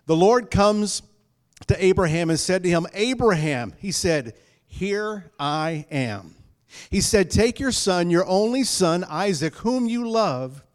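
A man preaching a sermon to his congregation, emphatic and repeating key phrases, moving between loud calls and hushed lines. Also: a little high.

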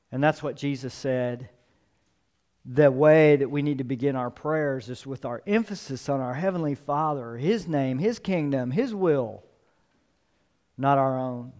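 A man's voice: fairly high pitch, lively intonation, measured pace. A male pastor preaching a sermon, emphatic, repeating key phrases and building up for emphasis.

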